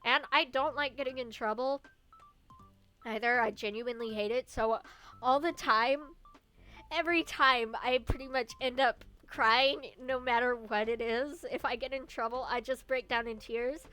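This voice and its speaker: A woman's voice: a little high, fairly even intonation, normal speed, sharp tone, soft background music. A young woman streamer telling personal stories in a casual, rambling way, with restarts and small laughs. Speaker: vtuber streamer. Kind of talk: casual storytelling chat.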